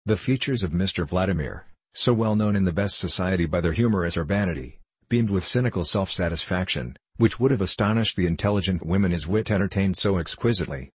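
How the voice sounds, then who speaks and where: Man, audiobook narrator, measured, deep, dry close recording. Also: slightly rough, no room sound.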